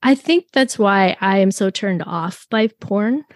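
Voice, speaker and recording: A woman who works as a therapist and supply teacher, explaining ideas in expressive, conversational talk. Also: medium pitch, measured pace, no room sound, studio quality. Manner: expressive, acts out voices in her examples. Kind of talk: candid casual conversation.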